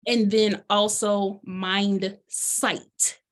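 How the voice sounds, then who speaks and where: A woman's voice: medium pitch, flat delivery, very slow. Bubbly woman life coach, chatty and loose, casual delivery. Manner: chatty, bubbly, lots of fillers. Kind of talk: casual presentation chat.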